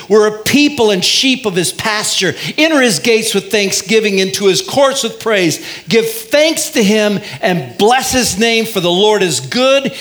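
A male pastor with a notably high voice delivers a lively sermon. He stretches out key phrases and has the congregation repeat lines after him.

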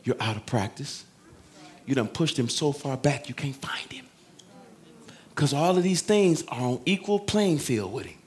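A man preaching a sermon in a folksy, joking way, swinging between loud shouted emphasis and hushed asides. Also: mid-range voice, lively intonation, moderate pace. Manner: conversational, folksy preaching with humor.

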